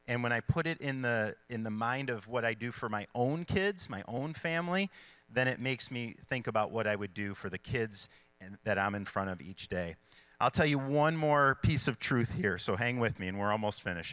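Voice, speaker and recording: A middle-aged man speaks to a room of school staff as their superintendent, telling stories in an easy way with a few fillers. His voice is bright, smooth and crisp, recorded dry and close. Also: mid-range voice, no echo. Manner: conversational storytelling with fillers. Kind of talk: speech to staff at a kickoff event. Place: school event hall.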